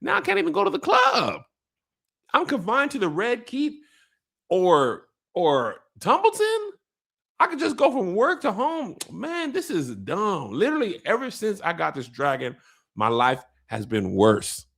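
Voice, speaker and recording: A sulking, dim young dragon rider whines in a high, strained voice that swoops up and down, as a man puts him on. He fawns and complains with a rough, gravelly edge. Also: wildly swooping pitch, measured pace, fairly bright tone, heavily acted. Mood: whiny. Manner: whiny, sulking, fawning.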